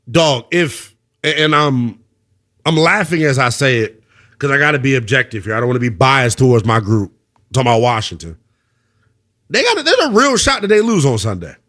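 A man's voice: a little high, fairly bright tone. A man hosting a sports talk radio show, delivering an emphatic, opinionated monologue and taking calls.

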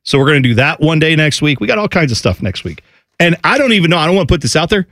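A man's voice: on the high side, big pitch swings, a bit bright, dry recording, studio quality. A man co-hosting a sports radio show, chatting casually and jokily, rambling from topic to topic. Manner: rambling, joking, fast. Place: radio studio.

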